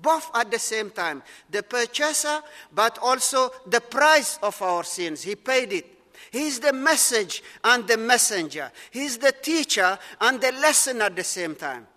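A man delivers a sermon in a high, bright, ringing voice, expressive and a little slow. He builds his points phrase by phrase with earnest, repetitive emphasis. A long hall reverb lingers on the sound.

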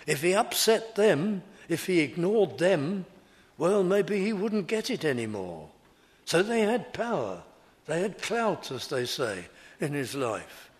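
A man preaching a sermon in slow, deliberate, repetitive phrases. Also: on the high side, sing-song.

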